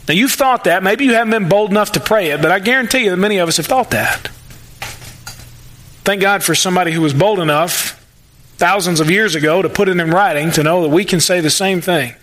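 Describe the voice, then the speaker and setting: A male pastor delivers a conversational sermon in church. His voice sits high and sounds bright and forward. He keeps dropping into quick, lively imitations of someone praying. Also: rough recording. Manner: conversational preaching, acts out prayers in quick asides.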